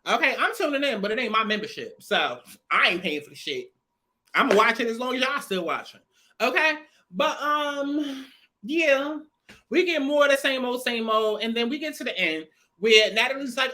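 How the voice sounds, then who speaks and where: A young woman, talking straight to camera in a casual, profane recap. Her voice is bright, and her delivery is blunt and sassy, full of swearing. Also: on the high side, animated, fairly quick. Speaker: reality show reviewer.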